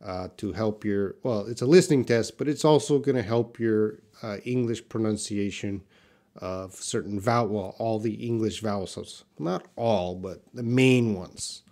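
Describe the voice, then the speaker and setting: Slow, patient Canadian English teacher. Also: male voice, on the low side, a little mellow. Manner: talks to chat viewers by name, explains patiently. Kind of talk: live-stream English lesson.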